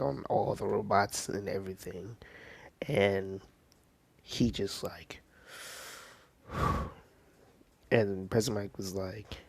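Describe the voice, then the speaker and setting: A man casually telling a fan story off the cuff, rambling with lots of fillers, dropping into soft whispers now and then. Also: fairly low pitch, gravelly, dry recording.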